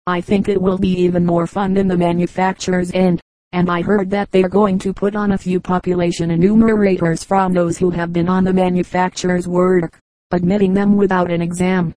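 A woman reading the part of an eager young male census agent in an audiobook, keen and quick to agree. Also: fairly low pitch, flat delivery, dark tone, no room sound, lightly acted, low-quality recording.

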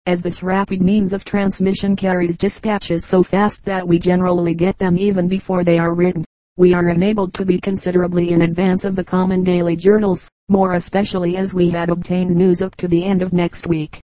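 Woman reading an audiobook, low mellow voice, pretty flat, dry close sound. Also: brisk, no echo, low-quality recording. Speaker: audiobook reader. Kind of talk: scripted narration.

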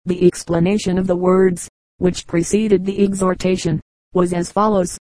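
A woman reading a collection of short humorous stories aloud as an audiobook narrator, in a steady storytelling manner. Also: on the low side, moderate pace, no echo, low-quality recording. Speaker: audiobook reader. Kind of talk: scripted narration.

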